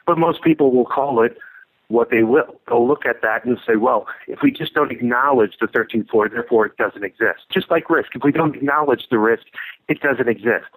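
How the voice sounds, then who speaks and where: A man tells a workplace joke in a relaxed, conversational way. He leans on key words for emphasis. His voice sits at a mid pitch. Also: moderate pace, poor audio. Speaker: project management speaker. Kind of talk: storytelling a joke.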